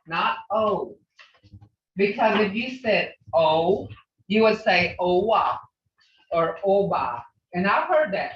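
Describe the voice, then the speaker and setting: Woman language teacher, unhurried and bright, patient drill of words; roomy, dull recording. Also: mid-range voice, distant mic. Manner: patient, sounds out each word slowly and repeats it. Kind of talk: teaching a beginner language class. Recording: echoey, dull lo-fi class recording.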